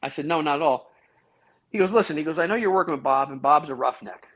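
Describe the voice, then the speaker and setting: A man's voice: fairly high pitch, quick pace. Middle-aged man telling stories, muffled lo-fi sound. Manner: animated storyteller, acts out quoted dialogue, frequent restarts. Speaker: guest, former police officer. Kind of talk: casual storytelling interview. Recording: dull, lo-fi sound.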